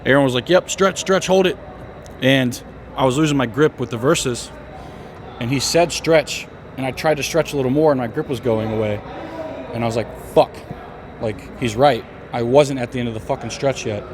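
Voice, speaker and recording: Man bodybuilder, emphatic profane gym talk, average pitch, faint background noise. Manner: profane, emphatic, fast-talking. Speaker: bodybuilder vlogger. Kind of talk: casual gym chat.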